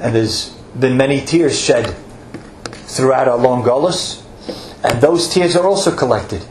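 In an echoey room with a faint ambient hum, a man speaks in a mid-range voice at a slightly slow pace, with some light background noise. He is a rabbi preaching earnestly, lengthening words to stress them and sprinkling in Hebrew.

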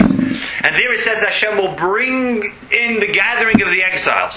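A man's voice: high-pitched, echoey room, very noisy. A man giving an earnest religious lesson, telling a story and explaining it, often repeating key phrases for emphasis. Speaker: religious teacher.

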